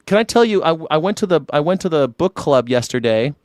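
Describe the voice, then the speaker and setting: A man's voice: fairly high pitch, expressive, fairly quick, darkish tone, no echo, studio quality. A man hosting a casual call-in livestream, rambling and profane, boasting about himself in a joking way. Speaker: livestream host taking callers.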